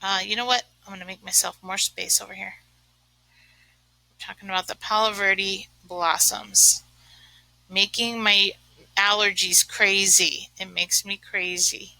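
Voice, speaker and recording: Teacher lady talking slow, bright voice, lots of ums, dry room. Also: mid-range voice, little pitch movement, gravelly, no echo, poor audio. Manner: chatty, uses lots of fillers. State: sneezing from allergies. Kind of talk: remote lesson, thinking aloud while writing.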